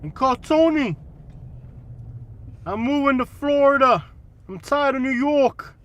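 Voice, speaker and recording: A man doing a voice of a tough-guy New York mobster, loud and emphatic, repeating names over and over as he talks. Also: extremely high pitch, expressive, slow, exaggerated voice. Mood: blustering.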